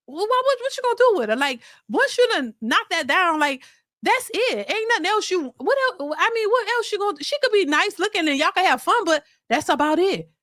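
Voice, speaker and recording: Animated high-voiced woman chatting to viewers. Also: dry recording, clean studio sound. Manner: animated, slangy, talks straight to the audience. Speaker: YouTube commentator. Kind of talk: casual chat to viewers.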